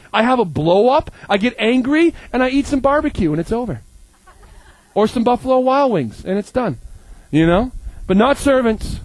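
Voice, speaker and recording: A man in his thirties preaching a humorous sermon, animated and joking as he acts out little scenes. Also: very high-pitched, dry recording, rough recording. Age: 30s.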